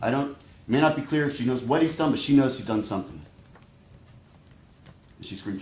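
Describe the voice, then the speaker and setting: A man giving a prosecutor's opening statement to a jury, speaking deliberately and straight to the jurors. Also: medium pitch, animated, a little mellow. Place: courtroom. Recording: echoey courtroom audio.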